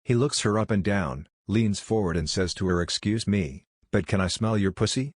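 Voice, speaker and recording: A man reads one joke after another in a flat, deadpan manner. His voice sits very low. The recording is close and dry, with no room sound. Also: normal speed, dry recording. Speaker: joke narrator. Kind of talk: reading jokes aloud.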